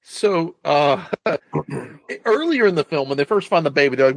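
A man retells a film's story in a loose, rambling way, with a slightly raised pitch and freely dropped swear words. The sound is dry and close, with little room around it. He talks like a co-host chatting casually. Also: lively intonation, normal speed, creaky, no echo. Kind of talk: casual film recap chat.

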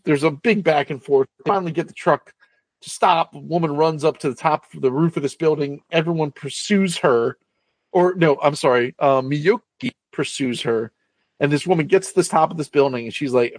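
A man's voice: a little high, no echo. A man casually recapping a film plot in a rambling, swearing storytelling manner, as a co-host.

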